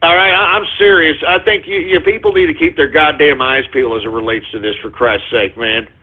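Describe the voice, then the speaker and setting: A man's voice: a little high, fairly quick. Ranting male talk radio host, tinny line. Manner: profane, exasperated ranting with sudden shouts. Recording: tinny phone-line sound.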